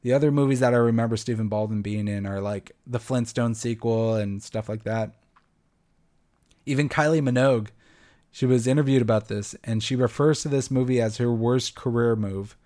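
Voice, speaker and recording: A young man talks through a film review on his podcast in a loose, casual way. He is blunt and sarcastic and swears freely. His voice sits at an ordinary middle pitch. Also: moderate pace, warm tone. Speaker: podcast host.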